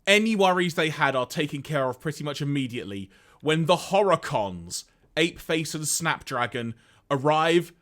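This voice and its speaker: Male podcast co-host, lively rising-and-falling voice, upbeat recap, reads lines aloud. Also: fairly high pitch, moderate pace. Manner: animated storyteller, reads out lines, laughs often.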